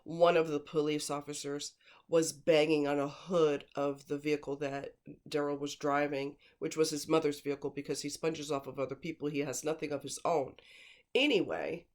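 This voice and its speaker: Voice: medium pitch, flat delivery, normal speed. Blunt, emphatic true-crime commentator. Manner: emphatic, repeats words for stress; rambling, with digressions and fillers. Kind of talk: casual spoken commentary.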